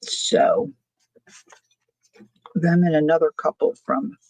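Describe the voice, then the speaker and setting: A woman's voice: sits low, unhurried, darkish tone, no room sound, low-quality recording. A woman hosting a crafting livestream, chatting casually, thinking aloud and answering viewer comments as she works. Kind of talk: casual chat while crafting.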